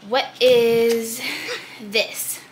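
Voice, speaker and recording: A young woman casually chatting to the camera in a relaxed vlog, with a runny nose. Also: fairly high pitch, a little hiss or hum. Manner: laid-back, speaks slowly and plainly to the camera. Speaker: vlogger.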